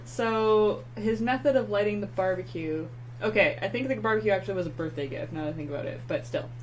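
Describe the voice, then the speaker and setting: A woman co-hosting a casual chat show, telling stories and getting loud as she acts out her anger. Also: medium pitch, fast, a little hiss or hum, rough recording. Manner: animated storyteller, gets loud acting out her anger. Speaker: podcast co-host.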